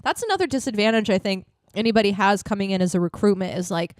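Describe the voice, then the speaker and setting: Young woman podcast cohost, casual sweary chat, mid pitch, dry mic. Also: animated, fast talker, no echo. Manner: chatty, swears a lot, acts out quotes. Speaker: podcast co-host. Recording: dry close mic, no video.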